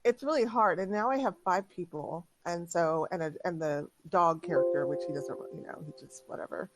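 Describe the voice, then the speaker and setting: A woman's voice: lowish voice, normal speed. A woman who is the game master, chatting casually before a tabletop session in a talkative way with lots of filler words.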